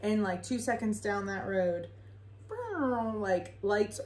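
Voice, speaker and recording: A woman's voice: mid-range voice, steady tone, slow pace, darkish tone. A young woman telling a rambling, casual story with lots of fillers and frequent swearing. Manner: chatty, rambling, swears freely, filler-heavy. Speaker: vlogger. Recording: echoey room.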